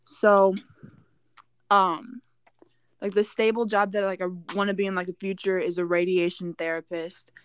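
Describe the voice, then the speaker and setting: A woman's voice: medium pitch, level tone, moderate pace, smooth. A woman joining a casual group chat as a guest, speaking hesitantly and thinking aloud with fillers.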